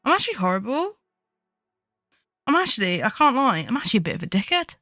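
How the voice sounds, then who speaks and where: A woman's voice: on the high side, sing-song, very fast, pushed and bright, no room sound, clean studio sound, soft background music. A young woman streaming as a VTuber, chatting casually while she draws, giggling often, swearing freely and poking fun at herself. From United Kingdom.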